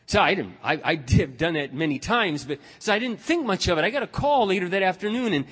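An older man preaching a sermon as pastor, telling stories in a blunt, emphatic, animated way. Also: high-pitched, brisk, slightly rough. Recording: long reverb of a large hall.

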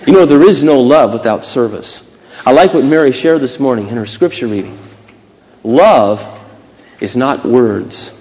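A man's voice: medium pitch, animated, a little mellow. Emphatic male preacher in a reverberant hall. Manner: emphatic, with dramatic pauses. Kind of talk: sermon. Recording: long reverb of a church hall.

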